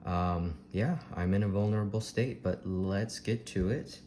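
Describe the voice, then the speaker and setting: Slow, gushing Texan man in a roomy space. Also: low-pitched. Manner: slow, dreamy, softly gushing with many ums. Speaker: vlogger. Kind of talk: casual food tasting vlog. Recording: echoey room with faint ambient hiss.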